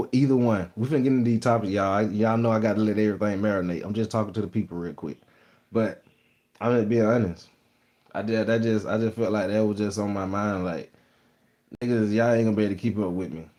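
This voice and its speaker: A man's voice: fairly low pitch, darkish tone. Boastful Texas man on a live stream. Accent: Texas Southern. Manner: boastful, rambling, slangy storytelling. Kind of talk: casual live-stream chat.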